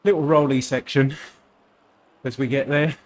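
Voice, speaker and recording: A man's voice: mid-range voice, fairly even intonation, moderate pace, darkish tone. A man from Essex with an Essex accent, chatting casually and joking at his own expense while racing. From Essex, England. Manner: chatty, joking, self-deprecating. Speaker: cycling vlogger.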